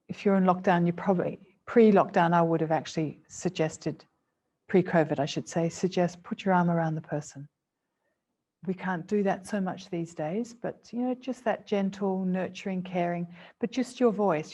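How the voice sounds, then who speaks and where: A woman clinical psychologist presenting a seminar to a live and online audience, speaking earnestly and gently and repeating phrases for emphasis. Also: on the low side. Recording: dull lo-fi webinar audio.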